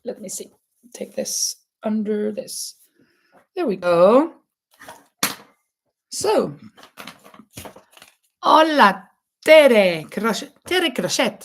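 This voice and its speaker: A woman from Norway with a Norwegian accent, hosting a casual live crochet chat in a halting way, with many fillers and restarts. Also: fairly high pitch. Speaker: crochet channel host.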